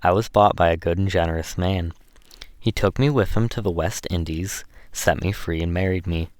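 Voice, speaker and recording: A male audiobook reader voicing a refined freed woman who is eager and emotional, his pitch lifted a little for her lines. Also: normal speed, darkish tone, no room sound, clean studio sound, natural voice.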